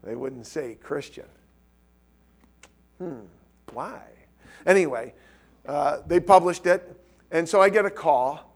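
A middle-aged man preaching to a live audience, telling a personal story and acting out the conversation with lively, quick quoted lines. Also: a little high. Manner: animated, acts out quoted dialogue. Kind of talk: storytelling sermon.

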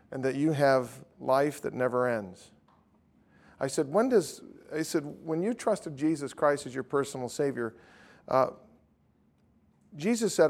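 A middle-aged man preaches a sermon, conversationally retelling a street-evangelism story and voicing both sides of the dialogue. His mid-range voice is a little mellow, with vocal fry.

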